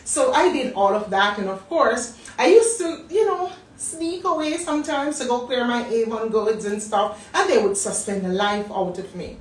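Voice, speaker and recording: Woman, Jamaican accent, thirties, animated storytelling, echoey room, far from mic. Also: fairly high pitch, normal speed, hardly any pauses. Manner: animated storyteller acting out quotes. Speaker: business talk host. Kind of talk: personal storytelling. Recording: roomy, distant mic.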